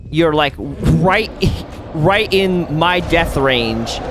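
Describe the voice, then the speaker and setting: Slow-talking man chatting while gaming. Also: on the high side, over music. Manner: rambling, lots of fillers, with sudden excited outbursts. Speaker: streamer and host. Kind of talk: casual chat while playing a video game.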